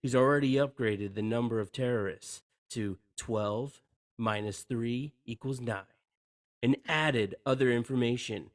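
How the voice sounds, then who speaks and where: A man's voice: medium pitch, unhurried, no echo, clean studio sound. A man co-hosting a podcast, reading screenplay action lines aloud and stumbling over words. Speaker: podcast co-host.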